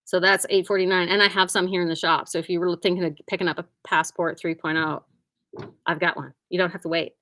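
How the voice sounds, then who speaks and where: A woman's voice: fairly low pitch, flat delivery, fast, a bit bright, no echo. A woman who owns a quilting shop, chatting casually and cheerfully about sales in her store, often humming and saying "like". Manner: chatty and upbeat, hums and says "like" often.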